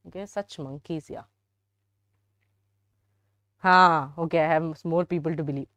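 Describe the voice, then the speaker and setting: A woman's voice: on the low side, moderate pace, pauses often, a bit bright, no room sound. A young woman with an Indian English accent teaching a live biology class, chatty and teasing, often turning to her students. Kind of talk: live online biology lesson.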